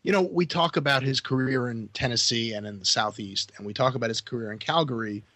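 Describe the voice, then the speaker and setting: A male podcast host asking measured, slightly hesitant interview questions. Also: mid-range voice, bright, forceful tone, dry recording.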